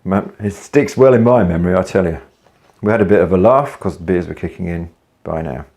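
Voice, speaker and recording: A man's voice: low voice, fairly quick, a little mellow. A man, a business coach telling a story to camera in a casual, blunt way with some swearing. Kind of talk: casual video talk to camera.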